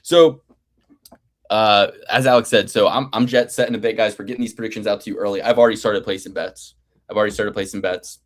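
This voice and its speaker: A man in his thirties rambles through casual podcast banter with a fairly low voice. He swears freely and talks himself up in a playfully grandiose way as host of a betting picks show. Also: fairly even intonation, fast talker. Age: 30s.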